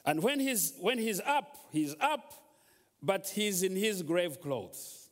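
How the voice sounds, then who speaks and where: Slow-preaching man in a hall. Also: high-pitched, lively intonation. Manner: storytelling, rising to exhortation. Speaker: guest preacher. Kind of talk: sermon. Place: large church hall. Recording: long church hall reverb.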